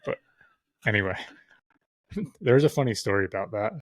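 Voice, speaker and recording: A man's voice: lowish voice, big pitch swings, normal speed, no room sound. Profane, rambling man telling stories. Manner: loose and profane, filler-heavy. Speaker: podcast guest. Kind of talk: casual storytelling chat.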